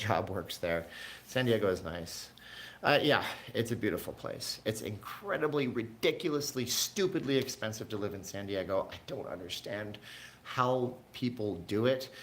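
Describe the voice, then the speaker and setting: A man originally from Canada hosts a relaxed livestream from his home, drifting from one thought to the next as he answers his viewers. His voice sits on the low side, with a faint hiss behind it. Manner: rambling, chatty, answers viewers' chat. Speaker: livestream host. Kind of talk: casual livestream chat.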